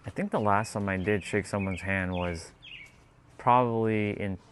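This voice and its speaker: A man's voice: fairly low pitch, a little slow, a little hiss or hum. A man chatting casually and reading out viewer comments, rambling with many fillers and laughing easily.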